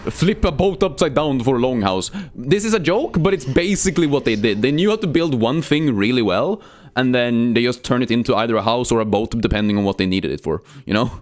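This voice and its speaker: A man's voice: mid-range voice, lively intonation, fast. A young man streaming a game, chatting casually, joking and swearing while he reads chat aloud.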